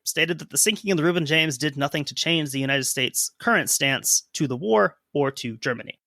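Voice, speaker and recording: A man co-hosts a history podcast, reading archival quotes aloud and slipping in dry jokes. His voice is bright and a little high, recorded close and dry with no room sound. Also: expressive, fairly quick, vocal fry, dry recording. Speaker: podcast co-host. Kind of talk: history podcast narration and chat.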